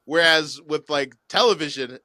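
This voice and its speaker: A man co-hosting a podcast in a casual chat, joking and animated as he tells stories. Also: a little high, moderate pace, no room sound. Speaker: podcast co-host.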